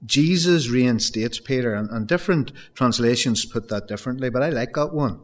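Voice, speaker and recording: A man's voice: medium pitch, moderate pace. A man preaching a sermon, earnest and building to emphatic raised peaks, often addressing his congregation as folks.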